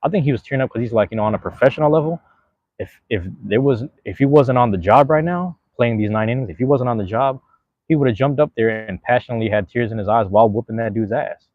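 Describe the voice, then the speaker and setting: A man's voice: mid-range voice, quick pace, dry recording, highs cut off. A man hosting a podcast in a casual, rambling way, full of slang. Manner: slangy, rambling, laid-back. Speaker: podcast host.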